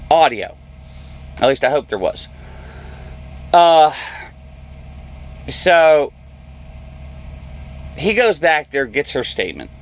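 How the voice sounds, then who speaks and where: Trucker guy telling a story slow, acts out the voices, kinda high pitched. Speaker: truck driver. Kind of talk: storytelling vlog.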